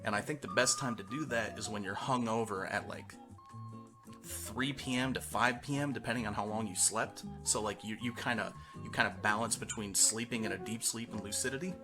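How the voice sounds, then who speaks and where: Young male streamer, low voice, crude rambling chat, music underneath. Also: brisk. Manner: crude, laughs often, trails off and restarts. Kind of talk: rambling casual storytelling to a live chat.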